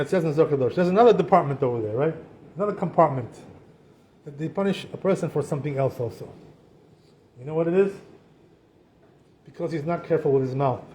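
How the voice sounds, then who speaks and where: A rabbi gives a loose, conversational talk to a room of listeners, leaning on "you know" and "right?" at every turn. His voice sits fairly high for a man, and he jumps into animated little impressions to make a point. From Israel. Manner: chatty, peppers speech with "you know" and "right?"; animated, acts out quoted voices. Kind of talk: informal Torah talk.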